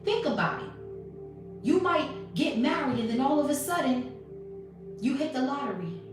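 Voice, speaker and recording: Lady doing a tarot reading, cussing, kinda high voice, far off in an echoey room with loud music going. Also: lively intonation, moderate pace. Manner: blunt, profane, preachy, acts out quoted exchanges. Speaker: tarot reader. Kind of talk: casual spiritual commentary.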